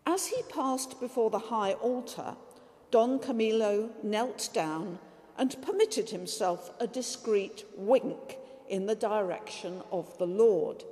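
A woman preacher giving a measured, reflective sermon that includes a story read aloud. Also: mid-range voice, mellow, long reverb tail.

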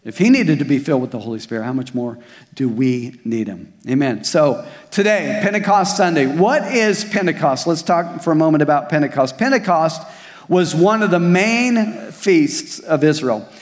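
Pastor guy preaching, kinda high voice, long hall echo, tells stories and asks the crowd stuff. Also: expressive, normal speed. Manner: preaching with rhetorical questions and personal stories. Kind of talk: sermon. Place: church service at a community center.

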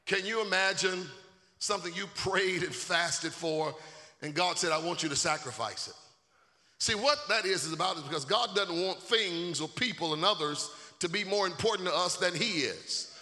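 Bright-voiced preacher man shouting in a hall. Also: high voice, normal speed. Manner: call-and-response preaching, swells to shouting. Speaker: pastor. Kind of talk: sermon. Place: church sanctuary. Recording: echoey hall.

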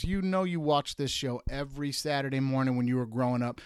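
A man from Detroit hosts a sports show in an exasperated, emphatic rant. He sits at a mid pitch and climbs sharply whenever he mocks something. The sound is dry and close to the mic, with no room around it. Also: fairly quick, hardly any pauses, clear, resonant tone, dry recording. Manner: exasperated, emphatic, swings high when mocking. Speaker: podcast host.

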